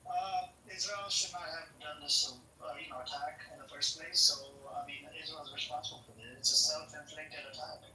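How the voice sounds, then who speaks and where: A man's voice: a little high, fairly even intonation, brisk, hardly any pauses, bright, forceful tone, far from the mic. A man in a heated political podcast debate, blunt and combative, swearing and talking over others. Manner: blunt, combative, profane, interrupts. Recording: echoey, off-mic with faint noise.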